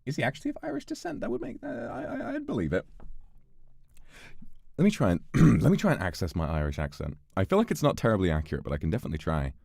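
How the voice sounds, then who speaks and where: A man's voice: lowish voice, huge pitch swings, fast, vocal fry, darkish tone, no room sound. A man streaming a game, reading its text aloud and joking in casual commentary. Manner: playful, reads game text aloud and jokes.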